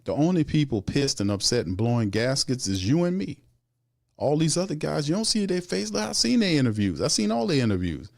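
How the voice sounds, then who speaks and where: A man's voice: a little high, sing-song, brisk, creaky, no room sound, studio quality. A man hosting a sports show, giving heated, opinionated commentary that rises into exasperated outbursts.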